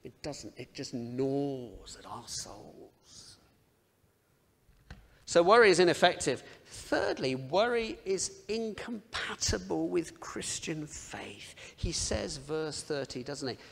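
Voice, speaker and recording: A man delivers a sermon with a somewhat high, gravelly voice, keeping it conversational and self-deprecating. He leans on rhetorical questions to draw the listeners in. His words ring out with the long reverb of a large hall. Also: very animated, takes it slowly. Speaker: preacher.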